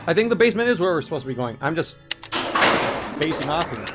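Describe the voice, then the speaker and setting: A man casually commenting on a video game as he plays, joking and animated, often laughing. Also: on the high side, fast talker. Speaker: gaming channel host. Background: faint game music.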